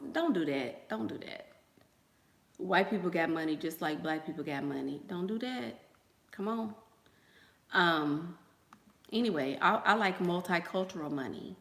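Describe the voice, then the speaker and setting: A woman with a fairly low voice hosts a casual livestream, chatting with viewers and telling gossipy stories. She acts out quotes and fills her talk with fillers and trailing asides, and the sound is reverberant.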